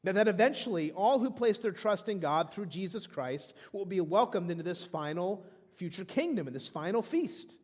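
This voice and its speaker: Man in his thirties, pastor delivering an emphatic sermon; higher voice, big reverberant church hall. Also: animated, normal speed, a little mellow. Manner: emphatic preaching with frequent restarts. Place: church sanctuary.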